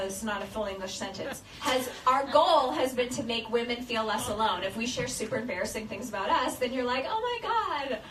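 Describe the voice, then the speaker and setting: A woman hosting a chat podcast, talking in a bubbly, animated way. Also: on the high side, roomy sound, recorded from a distance, background noise. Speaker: podcast host. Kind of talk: casual chat.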